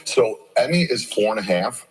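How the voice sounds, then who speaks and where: Chatty middle-aged male chef, low voice. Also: moderate pace, slight background noise, poor audio. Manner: chatty, animated storytelling. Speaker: celebrity chef guest. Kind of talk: casual talk show chat and cooking demo.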